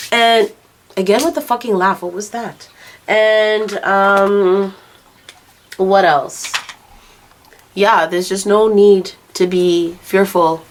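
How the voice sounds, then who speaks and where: A young adult woman chats through her makeup routine in an unhurried, drawn-out way. She is candid and loose, swears freely and pokes fun at her own slips. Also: on the low side. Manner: candid, swears, laughs at herself. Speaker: vlogger. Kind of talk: casual chat while doing makeup.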